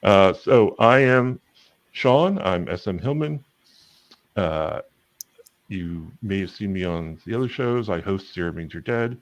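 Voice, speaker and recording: A man hosting and opening a live tabletop game show, halting, with many filler sounds. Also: deep voice, animated, darkish tone, dull audio. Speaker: show host and player.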